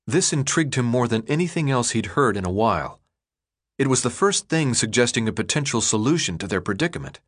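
A man narrating a novel in a measured, expressive way, his pitch sitting in the middle range but moving a great deal. He reads smoothly and steadily, giving each sentence its shape. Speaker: audiobook narrator. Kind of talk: scripted narration.

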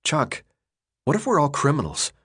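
A man voicing a confused, curious teenage boy in an audiobook, speaking with an earnest questioning tone at a slightly raised pitch. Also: wildly swooping pitch, moderate pace, fairly bright tone, slightly rough, full character voice. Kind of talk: audiobook character voice.

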